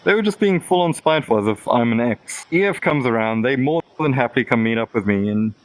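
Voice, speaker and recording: A man's voice: medium pitch, lively intonation, brisk, no echo, rough recording. Man, podcast guest, casual chat, rambling candid storytelling, mid-range voice. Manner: candid, rambling storytelling with quoted back-and-forth.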